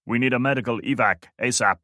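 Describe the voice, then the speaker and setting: A man voicing a hardened male operative who speaks in terse, calm, clipped lines in an audiobook. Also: medium pitch, quick pace, dry recording, clean studio sound, voice pushed up, close to an everyday voice. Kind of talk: audiobook character voice.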